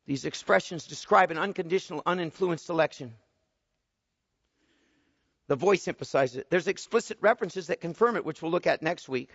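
Bright, high-voiced man preaching in a hall. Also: moderate pace, vocal fry. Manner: swings from quiet explaining to loud emphatic bursts. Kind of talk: expository sermon. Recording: muffled sound with long hall reverb.

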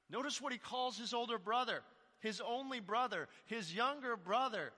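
A man's voice: high voice, sing-song, unhurried, bright, forceful tone, in a large hall. A male pastor preaching a sermon in a conversational way, putting rhetorical questions to the congregation.

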